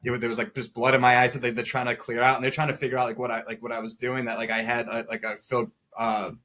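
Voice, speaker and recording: A man's voice: medium pitch, little pitch movement, fast. A man in his late twenties, a podcast guest telling his own story in a loose, rambling way, packed with "like"s and short laughs. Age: 20s. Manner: rambling, many filler "like"s, laughs through dark moments. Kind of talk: casual storytelling.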